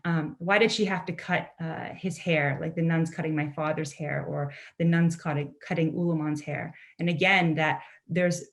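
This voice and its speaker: A woman's voice: sits low, steady tone, moderate pace, hardly any pauses. A young adult woman from a Mi'kmaq community in Canada, giving an earnest, conversational talk as a poet and author over a video call, often asking "right?" and saying "you know". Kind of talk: online presentation talk.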